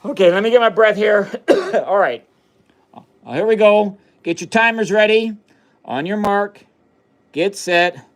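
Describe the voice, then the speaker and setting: A man's voice: sits high, a little slow, long pauses. A man hosting a casual chemistry livestream, chatting to viewers as he runs experiments, laughing often. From United States. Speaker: livestream science host. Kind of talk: casual live demo chat.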